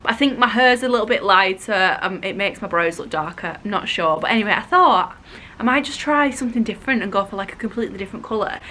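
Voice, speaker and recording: A woman's voice: mid-range voice, fast talker, sharp tone. A young woman, heavily pregnant, chatting casually and gushing in a vlog, with the odd swear. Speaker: vlogger.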